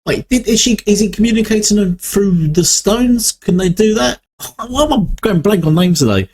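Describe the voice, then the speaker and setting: A man's voice: sits high, animated, moderate pace, darkish tone. Rambling man musing aloud. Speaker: reaction video host. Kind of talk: casual reaction commentary.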